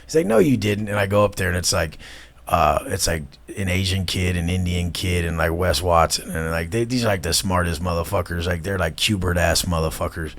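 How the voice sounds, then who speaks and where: A man in his thirties, a guest in an interview, talking bluntly and profanely, mocking people and bursting into loud imitations. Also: deep voice, steady tone, a little fast.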